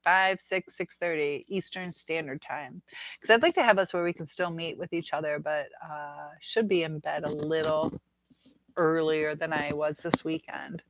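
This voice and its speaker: Live-stream host: woman, middle-aged, a little low-pitched, chatty and giggly. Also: steady tone, moderate pace, slight background noise. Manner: chatty, laughs often, muses aloud. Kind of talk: casual live chat reading comments.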